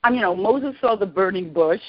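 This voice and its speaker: A woman in her sixties, a podcast guest, excitedly and emotionally telling a personal story. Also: medium pitch, fairly quick. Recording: lo-fi podcast audio.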